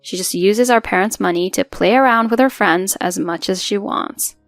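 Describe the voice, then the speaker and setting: A woman's voice: medium pitch, moderate pace, dry recording, faint music behind. A woman in her twenties narrating a scripted first-person story in an earnest, hurt way. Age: 20s.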